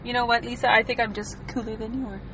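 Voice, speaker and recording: A woman in her forties chatting casually as a podcast co-host, playful and quick to laugh. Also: on the high side, flat delivery, a bit bright, a little hiss or hum, rough recording. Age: 40s. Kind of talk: casual chat.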